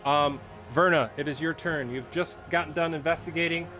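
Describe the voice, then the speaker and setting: A playful game master with a voice that sits a touch high for a man. He explains the rules patiently, laughs often, and hams up the monsters. Soft music plays faintly underneath. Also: steady tone, moderate pace.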